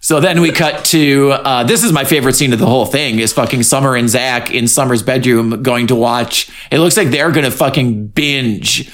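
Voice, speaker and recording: A man co-hosting a casual podcast, recapping a TV episode with mock anger, heavy swearing and quick character voices. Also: mid-range voice. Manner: profane, animated, mock-angry, doing quick character voices. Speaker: podcast co-host.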